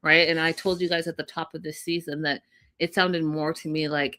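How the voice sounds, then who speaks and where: Woman host doing a casual tv recap, bright sharp voice, keeps talking to her viewers and laughing. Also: deep voice, little pitch movement, normal speed, a little hiss or hum. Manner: chatty, addresses viewers directly, laughs often. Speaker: podcast co-host.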